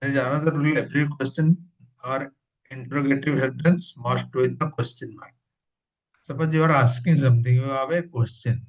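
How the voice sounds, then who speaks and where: A man teaching a slow grammar lesson. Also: medium pitch, steady tone. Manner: slow, repeats examples, gives plain rules. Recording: dull lo-fi sound.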